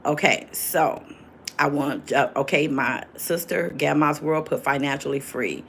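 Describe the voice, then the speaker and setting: A woman's voice: deep voice, a little slow, fairly bright tone, slight background noise. An older woman in her sixties, chatting casually on a livestream as host, reading viewers' comments aloud and answering them.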